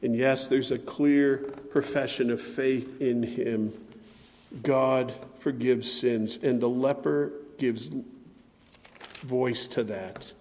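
A man preaching a sermon with impassioned, pleading delivery that swings between loud and soft. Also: medium pitch, fairly even intonation, slow. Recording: long hall reverb.

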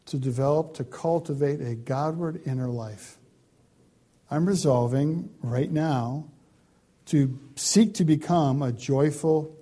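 A man preaching a sermon, emphatic and building lists of words, dropping now and then to a quiet, pleading tone. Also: mid-range voice, husky. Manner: emphatic, swings from loud stresses to quiet pleading; repeats words in lists for stress. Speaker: pastor.

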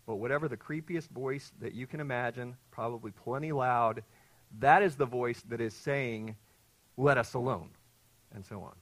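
A man preaching an expository sermon to his congregation, teaching earnestly, quizzing his listeners and surging louder on key points. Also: medium pitch, moderate pace, no echo, rough recording. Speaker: pastor.

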